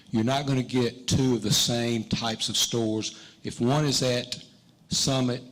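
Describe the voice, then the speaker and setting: A man's voice: medium pitch, a bit bright, rough recording. A man, a sitting mayor answering confidently and rebutting his opponent at a candidate forum. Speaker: mayor running for reelection.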